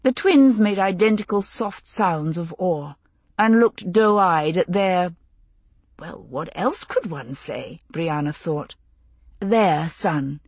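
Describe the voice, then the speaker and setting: Husky-voiced woman narrating an audiobook. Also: lowish voice, expressive, slow pace, a little mellow, dry recording. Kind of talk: scripted narration.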